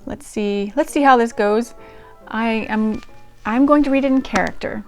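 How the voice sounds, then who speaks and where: A woman's voice: on the high side, normal speed, soft background music. A woman hosting a diary-reading channel, talking casually to her audience in a chatty, self-deprecating way with frequent ums and restarts. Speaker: channel host reading old diaries. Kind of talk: casual chat to camera.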